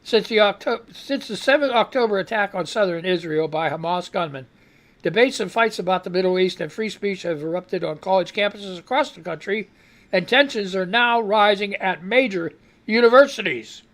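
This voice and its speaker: Reading headlines from the screen on his live radio news program, this man speaks at an ordinary pace in an animated, high, fairly bright voice. His rambling asides and exasperated reactions keep taking over, and he seems to be suppressing a cough.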